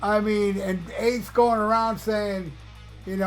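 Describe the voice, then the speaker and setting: A man with a notably high voice, talking in a casual podcast monologue. He rants bluntly and swears freely, like a fed-up fan, while faint guitar music plays behind him. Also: takes it slowly, fairly bright tone. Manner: blunt, profane ranting fan. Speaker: podcast host.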